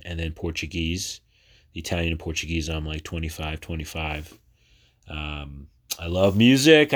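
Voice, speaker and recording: A very low-pitched man in his thirties, originally from New Jersey, talks through his own podcast alone. He rambles in a casual, chatty way, often stopping on fillers and starting sentences over. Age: 30s. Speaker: podcast host. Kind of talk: casual personal podcast monologue.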